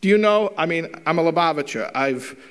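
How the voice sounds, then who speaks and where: A middle-aged man speaks to a live audience in a fairly high voice. He tells stories animatedly and acts out each side of the dialogue, with a wry, teasing humour running through it. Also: lively intonation, fairly quick, clear, resonant tone. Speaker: rabbi giving a talk.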